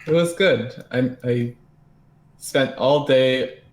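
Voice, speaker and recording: A man's voice: mid-range voice, slow pace. Laid-back young man in a roomy space. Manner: laid-back, laughing easily. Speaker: podcast co-host. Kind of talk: casual podcast chat.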